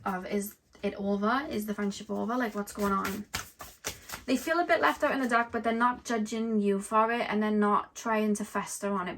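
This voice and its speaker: A woman's voice: medium pitch, gravelly. A woman doing an intuitive tarot reading for her viewers, earnest and openly emotional, rambling with lots of "like" and "um". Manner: rambling, heavy on "like" and "um". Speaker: tarot card reader.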